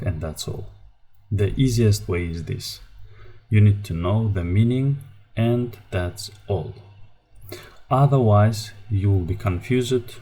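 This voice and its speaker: A man gives a language lesson in a slow, halting way, pausing often with fillers as he explains. His voice is husky and mellow. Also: lowish voice. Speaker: language teacher.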